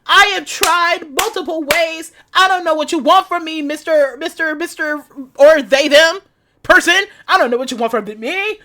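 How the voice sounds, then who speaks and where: A woman voicing a frantic, desperate young boy who shouts his pleas over faint game music. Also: moderate pace. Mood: desperate pleading. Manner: shouting, high and pleading.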